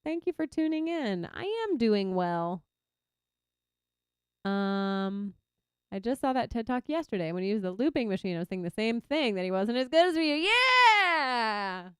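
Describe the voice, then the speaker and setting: A young Texan woman streaming a game and chatting casually, reacting loudly to her viewers. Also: mid-range voice, clear, resonant tone, dry recording, studio quality. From Texas. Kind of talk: casual chat while gaming.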